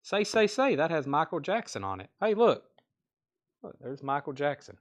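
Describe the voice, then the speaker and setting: A man with a Southern US twang hosts a live record sale. He moves quickly through album titles and prices in loose, casual patter. He drops in offhand, chatty comments between sales. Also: a little high, big pitch swings.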